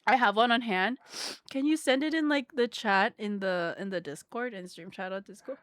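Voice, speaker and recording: A woman's voice: medium pitch, normal speed, fairly bright tone, no echo, clean studio sound. A young woman streamer chatting casually with her audience, rambling with lots of "like". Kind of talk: casual live-stream chat.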